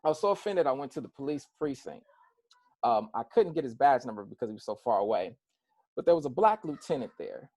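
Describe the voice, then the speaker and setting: An American man, a pastor, speaking earnestly to a group over a video call, repeating words for weight and slowing down to stress his points. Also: mid-range voice, expressive, darkish tone, no room sound. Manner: slows down to stress points, with some fillers and restarts. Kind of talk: personal talk to a group.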